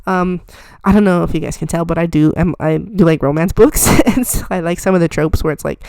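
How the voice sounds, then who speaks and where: A woman's voice: on the low side, fairly quick, mellow, dry recording. A young woman chatting casually while she draws, rambling and self-deprecating with lots of fillers. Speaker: art vlogger. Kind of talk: casual chat while drawing.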